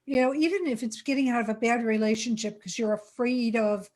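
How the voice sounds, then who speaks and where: A woman co-host speaking in a calm, reflective way during a casual video chat. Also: a little high, brisk.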